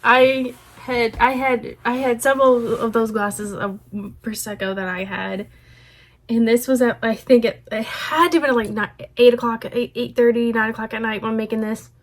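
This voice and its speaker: A woman vlogger talks casually over her own footage, her voice slightly high. She rambles and trips over her words, circling back on herself in a self-conscious way. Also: fairly even intonation, normal speed. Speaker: vlogger reacting to her old video. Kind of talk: casual reaction commentary.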